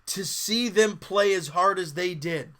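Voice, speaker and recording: A man's voice: high-pitched, a little slow, a bit bright. A man hosting a sports podcast, candidly and exasperatedly breaking down a live basketball game like a fan. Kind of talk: casual live game commentary.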